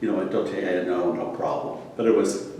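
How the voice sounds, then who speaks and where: Low male storyteller, rambling and profane, booming room echo, faint hiss. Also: fairly quick, dark tone, far from the mic. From Seattle area. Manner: rambling, profane, laughs often. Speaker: show regular, storyteller. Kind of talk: casual storytelling chat. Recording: roomy echo, from off mic, faint noise.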